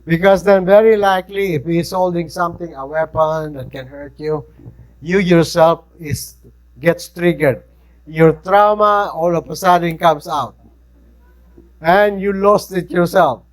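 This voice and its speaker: A man's voice: fairly high pitch, fairly even intonation, measured pace, low-quality recording. A man with a Filipino accent, lecturing a class in a conversational way and often checking in with his listeners. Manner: conversational, keeps checking in with "right?". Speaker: instructor.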